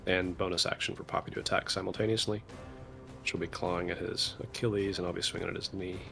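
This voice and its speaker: A man's voice: deep voice, fast, vocal fry, over music. A man playing a tabletop game, talking casually and playfully as he calls his moves. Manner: playful, animated when quoting his character.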